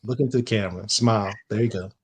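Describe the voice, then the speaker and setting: A man's voice: fairly low pitch, quick pace, husky. Upbeat man hosting a comics show. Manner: playful, hypes up the channel. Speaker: show host. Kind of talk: casual interview chat.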